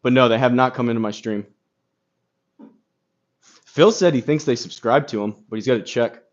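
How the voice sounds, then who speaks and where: A man's voice: mid-range voice, normal speed. A man talks to his live-stream viewers about his golf practice, rambling and reading out their comments between thoughts. His voice sits in an ordinary middle range. The phone audio sounds a little muffled, with some crackle. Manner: rambling, lots of fillers, reads chat aloud. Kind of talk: casual live-stream chat.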